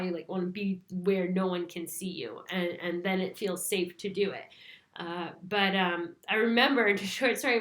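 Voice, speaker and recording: A woman's voice: mid-range voice, fairly bright tone. A young woman hosting a spiritual talk, rambling casually with lots of "like" fillers. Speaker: spiritual channel host. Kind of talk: casual spoken monologue. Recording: echoey room.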